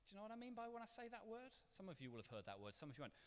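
A man preaching a sermon in a church, conversational and animated with playful asides. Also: sits high, rapid-fire, slight background noise. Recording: long reverb of a church hall.

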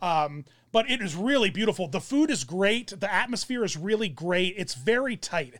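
A man's voice: sits high, expressive, normal speed, a bit bright, dry recording. A young man telling a rambling story in casual chat, full of fillers and restarts. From German descent.

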